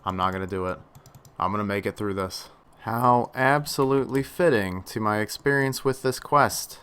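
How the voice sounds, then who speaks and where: A young man casually commenting on his own gameplay, chatty, dropping into low mutters and then bursting out excitedly. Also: moderate pace, smooth. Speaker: gaming channel host.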